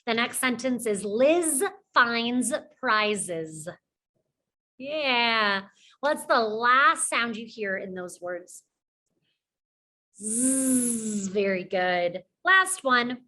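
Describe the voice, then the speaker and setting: A woman teaching young children a phonics lesson, slowly sounding out letters and praising often. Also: on the high side, sharp tone.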